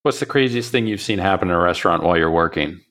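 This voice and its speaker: A man interviewing a guest, asking brisk quick-fire questions. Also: low voice, expressive, a bit bright.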